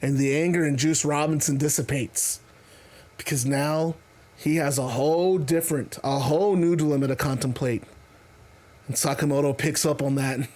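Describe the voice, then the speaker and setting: High-voiced man narrating wrestling. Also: fairly even intonation, moderate pace, a little mellow. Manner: rambling, stop-start phrasing. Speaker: host. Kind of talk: casual wrestling play-by-play narration.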